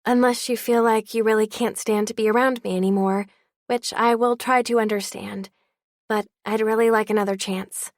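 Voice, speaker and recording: A woman's voice: a little high, steady tone, moderate pace, no echo, studio quality, lightly acted. A woman voicing an earnest, apologetic teenage girl in an audiobook.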